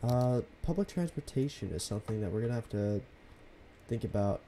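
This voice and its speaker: A young man streaming a city-building game from his home computer, chatting casually with viewers in a soft, half-whispered, laid-back way. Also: medium pitch, lively intonation, brisk, a little hiss or hum. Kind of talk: casual live-stream commentary.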